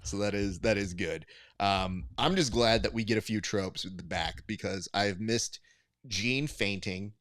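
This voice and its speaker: Low-voiced jokey male host. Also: unhurried, dry recording, clean studio sound. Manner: animated, jokey, slips into mock voices for anecdotes. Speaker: podcast host. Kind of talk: casual chat.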